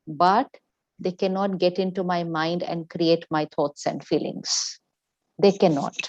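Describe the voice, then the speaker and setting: Lower-pitched woman teaching emphatically. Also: darkish tone, no echo. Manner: emphatic, instructive, repeats key phrases. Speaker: spiritual teacher. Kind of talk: motivational spiritual talk. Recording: dull, dry lo-fi sound.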